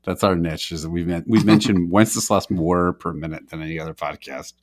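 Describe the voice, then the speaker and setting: A man's voice: deep voice, fairly even intonation, fairly quick, dry recording. A man co-hosting a comedy podcast in casual chat, laughing often between his lines. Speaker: podcast co-host.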